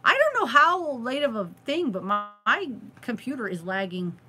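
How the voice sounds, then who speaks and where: Bubbly lady rambling on a midnight live stream, bright sharp voice, a bit high. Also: sing-song, normal speed, slightly rough. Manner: giggly, chatty, teasing. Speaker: crochet channel host. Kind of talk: late-night live stream chat. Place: home at night.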